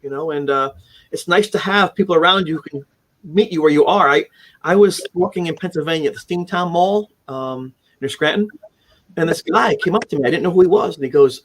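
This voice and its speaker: A man in his forties speaks fast in a fairly high voice with lively intonation, appearing as the guest on a casual live-stream interview about his haunting memoir. He tells his story earnestly but rambles and restarts often. The call is by video from indoors, in a home room holding keepsakes.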